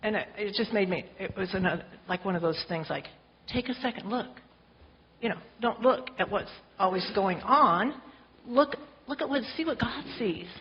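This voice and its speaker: A woman speaks casually to a church group, talking chattily and encouraging them to chime in. Her voice sits at an ordinary pitch for a woman. The recording is dull and lo-fi, with a faint hiss underneath. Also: animated, normal speed. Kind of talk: informal talk to a small church group. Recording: dull lo-fi sound with faint noise.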